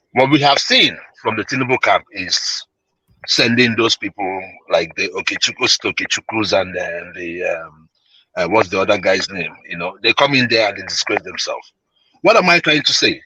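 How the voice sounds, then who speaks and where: A male caller giving opinionated commentary on a call-in show, animated and emphatic, with many fillers and repeated words. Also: on the low side, slightly rough, no room sound, low-quality recording.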